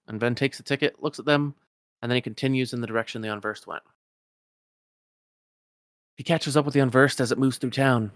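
A man's voice: medium pitch, fairly even intonation, a little fast, pauses often, no echo, clean studio sound. A man casually retelling a game's story, rambling and correcting himself as he goes.

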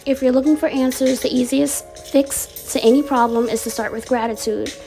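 A bubbly woman with a slightly high, mellow voice reads affirmation cards in a casual vlog. She is playful and laughs easily, and she reads each card slowly before repeating it. Faint music plays behind her. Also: fairly even intonation. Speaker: wellness vlogger reading affirmation cards.

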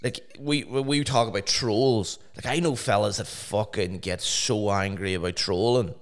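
Young man, lower voice, casual podcast banter, sweary, lively storytelling. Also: moderate pace. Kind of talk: casual chat.

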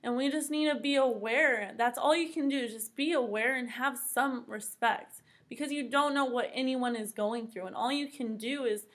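A woman's voice: high voice, normal speed, hardly any pauses, a bit bright. A woman who is a guest on a casual podcast, speaking in an earnest, heartfelt way in long stretches.

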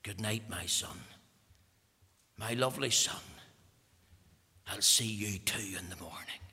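A man's voice: high-pitched, unhurried, vocal fry, pushed and bright, voice pushed up, heavily acted. A man voicing a dying father who pleads tenderly with his unsaved son, in an echoey hall.

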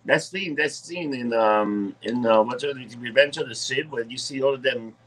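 A man's voice: medium pitch, moderate pace, a bit bright. A man co-hosting a casual podcast, talking loosely and profanely, often stumbling over words. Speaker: podcast co-host. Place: dim indoor room.

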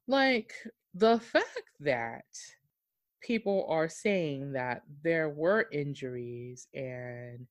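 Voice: mid-range voice, very slow, no room sound. A podcast host chatting casually, rambling with lots of filler words and frequent laughter. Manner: rambling and animated, many "like" fillers; laughs often. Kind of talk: casual chat.

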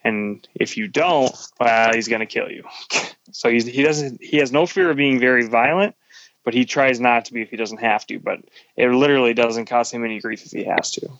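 A man's voice: medium pitch, fairly even intonation, fairly quick, a bit bright, no echo. A man co-hosting a comics podcast in casual chat, rambling with lots of "like" as he retells scenes. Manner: rambling, full of "like", retells scenes with quoted lines. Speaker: podcast co-host. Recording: dull lo-fi podcast audio.

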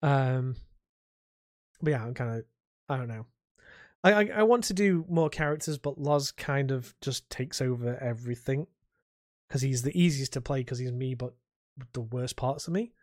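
A man co-hosting a podcast in a casual, rambling chat, full of halting restarts. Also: mid-range voice, darkish tone, dry recording, clean studio sound. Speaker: podcast co-host.

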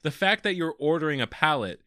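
A man's voice: a little high, lively intonation, fairly quick, pushed and bright. A man co-hosting a casual podcast, explaining things matter-of-factly and leading the segments. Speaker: podcast co-host.

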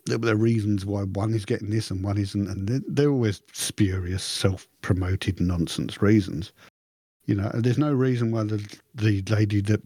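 Husky man chatting on a podcast. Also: fairly low pitch, moderate pace, no echo, studio quality. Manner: rambling, animated, frequent restarts. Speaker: podcast co-host. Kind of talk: casual chat.

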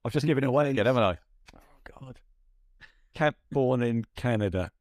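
A man's voice: mid-range voice, fairly quick, darkish tone, no room sound, studio quality. A man co-hosting a casual podcast, joking and laughing at himself. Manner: jokey, giggly, self-deprecating. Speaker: podcast co-host. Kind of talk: casual chat.

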